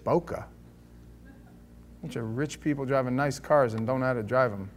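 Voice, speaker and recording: A man preaching a sermon as the pastor, teaching verse by verse in an animated, joking way and acting out the scripture. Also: mid-range voice, fast talker, slight background noise.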